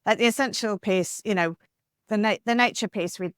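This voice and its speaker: A woman author being interviewed on a podcast, talking in an animated, talkative way with lots of "like" and "you know.". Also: mid-range voice, normal speed, clean tone, no room sound, studio quality. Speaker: author guest.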